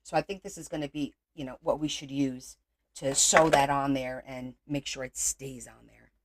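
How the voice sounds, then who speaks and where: A woman's voice: rumbling low, steady tone, normal speed. Chatty woman hosting a craft livestream. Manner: chatty, teasing, greets viewers by name. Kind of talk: casual livestream chat while crafting.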